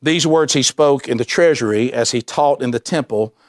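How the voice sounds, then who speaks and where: A man preaching a sermon, animated and emphatic, repeating himself and dropping suddenly to a quiet voice. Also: mid-range voice, normal speed. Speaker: pastor.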